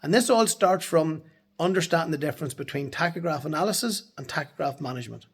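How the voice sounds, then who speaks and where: Blunt man, fairly high voice. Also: lively intonation, fast talker, husky. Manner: blunt, emphatic, swears freely. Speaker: transport compliance consultant. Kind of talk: casual straight-to-camera talk. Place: office, in the evening.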